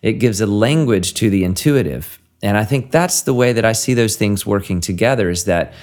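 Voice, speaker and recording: A man hosts a conversation about creative work. He speaks in a low-pitched voice and muses thoughtfully. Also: moderate pace, a little mellow. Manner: thoughtful, musing. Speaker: podcast host. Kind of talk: reflective interview talk.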